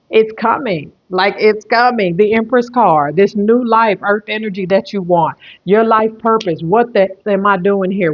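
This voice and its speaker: Tarot reader, online reading, repetitive, emphatic, rambling, mid-pitched, slightly dull lo-fi sound.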